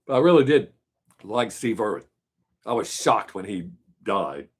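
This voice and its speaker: A man in an easygoing, unscripted chat on his live stream. He rambles and trails off while he mulls over a viewer's question, often pausing mid-thought before picking up again. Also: fairly low pitch, expressive, breathy edge. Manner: rambling, thinks aloud, trails off.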